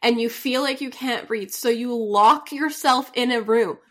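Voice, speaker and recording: A woman's voice: fairly high pitch, a little slow. Teasing young woman podcast co-host. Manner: teasing, blunt banter. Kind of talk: casual chat.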